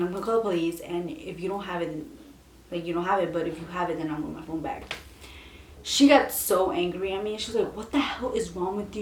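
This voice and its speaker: A woman's voice: on the low side, a little hiss or hum. Chatty young woman in an echoey room. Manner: chatty, lots of "like" fillers, animated retelling. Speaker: vlogger. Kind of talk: casual storytime chat.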